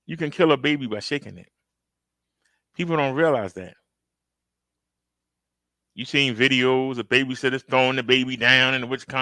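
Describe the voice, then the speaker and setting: This reaction-video host has a mid-range voice with a sharp tone, a moderate pace and long pauses, recorded without room sound. Conversational and emphatic, he addresses viewers directly in casual commentary and acts out outbursts while narrating a story.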